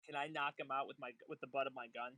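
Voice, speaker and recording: A man playing a tabletop role-playing game, stating his moves flatly and matter-of-factly. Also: medium pitch, fast talker, no room sound. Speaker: player. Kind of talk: casual tabletop game play.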